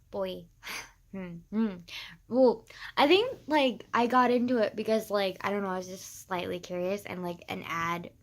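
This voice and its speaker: A teenage girl talking casually to camera, gushing and excitable, full of sighs, fillers and swearing. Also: medium pitch, unhurried. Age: teens. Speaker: vlogger. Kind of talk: casual rambling vlog.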